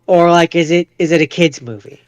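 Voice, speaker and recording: A man co-hosts a casual podcast with a smooth, fairly high voice. He speculates aloud, repeating words as he works through ideas, recorded on a dry mic. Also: brisk, dry recording. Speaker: podcast co-host. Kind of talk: casual chat.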